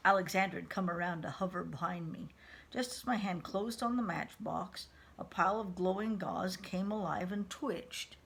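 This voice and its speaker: Woman reading a novel aloud, casual asides, gravelly, mid-pitch. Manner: unpolished reading, stops to comment. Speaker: reader of a novel.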